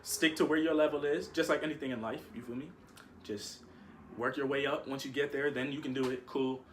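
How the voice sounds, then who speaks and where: A young man telling a story to his viewers in a casual, slangy, animated way. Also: medium pitch, brisk, slight background noise. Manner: slangy, animated, keeps saying "you feel me".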